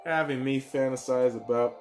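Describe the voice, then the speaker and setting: Excitable, foul-mouthed man talking football. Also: mid-range voice, moderate pace, soft background music. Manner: excitable, profane, swings between loud outbursts and mumbles. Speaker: podcast host. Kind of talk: casual solo football chat.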